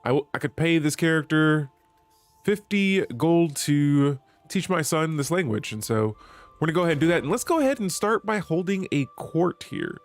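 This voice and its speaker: A man's voice: a little high, lively intonation, moderate pace, soft background music. A man streaming a strategy game, chatting with viewers and reading the in-game text aloud. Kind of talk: live gameplay commentary.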